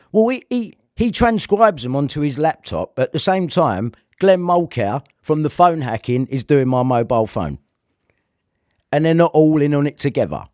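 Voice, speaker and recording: A man's voice: on the high side, darkish tone, no room sound, studio quality. A man delivering a heated, repetitive rant to camera, swearing often. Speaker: vlogger.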